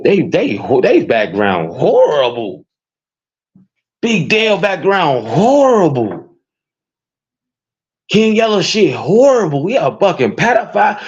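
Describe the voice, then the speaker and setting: Man, Chicago accent, profane commentary rant, high squeals, dull lo-fi recording. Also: darkish tone, breathy edge. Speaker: commentary streamer. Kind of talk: ranting commentary. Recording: dull lo-fi sound.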